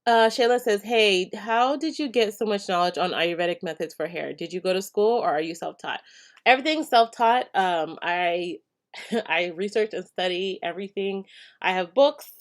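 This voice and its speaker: Woman, live stream host, casual chat, chatty, laughs often, lots of fillers, mid-pitched voice. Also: normal speed.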